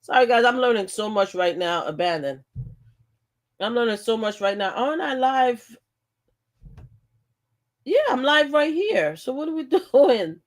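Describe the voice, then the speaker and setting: Outspoken older woman, animated live chat. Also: fairly high pitch, a little slow, long pauses. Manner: animated, repeats words, laughs often; blunt and outspoken. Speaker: livestream host. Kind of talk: casual live-stream chat.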